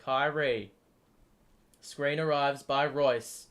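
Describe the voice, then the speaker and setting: A man calling a basketball game live for his stream audience, and his voice sits a little higher than most men's. He talks straight at the players, swearing when a play annoys him and surging when a shot drops. His delivery is quick, rough-edged play-by-play mixed with fan ranting. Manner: excitable, swears often, talks back at the players. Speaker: host. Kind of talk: live sports watchalong commentary.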